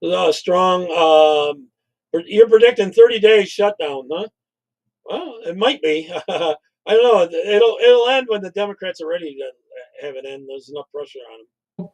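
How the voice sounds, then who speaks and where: A man's voice: high voice, animated, measured pace, a little mellow, poor audio. A man co-hosting a casual political commentary stream, talking in a blunt, opinionated, conversational way.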